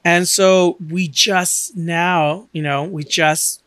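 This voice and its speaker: A man's voice: high voice, slow, no room sound, studio quality. A man hosting a podcast, chatting casually and acting out quoted lines as he tells stories. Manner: animated storyteller, acts out quotes. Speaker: podcast host. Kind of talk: casual chat.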